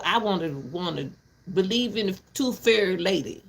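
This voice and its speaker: A woman's voice: mid-range voice, animated, a little slow, gravelly. An older woman ranting casually to her viewers from her back porch, blunt and rambling, breaking into laughter often. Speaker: vlogger.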